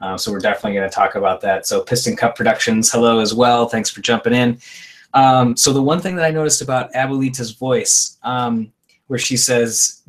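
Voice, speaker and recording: A man's voice: mid-range voice, fairly even intonation, a little fast. A man co-hosting a casual live stream, chatting and reading out viewer comments. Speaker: co-host.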